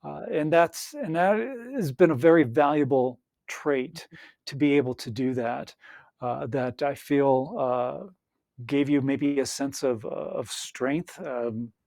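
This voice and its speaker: A man's voice: medium pitch, creaky, darkish tone, dry recording, clean studio sound. A man hosting a coaching podcast, asking his guest long questions with many fillers and restarts. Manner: halting, with many "uh" and restarts while framing questions. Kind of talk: interview questions.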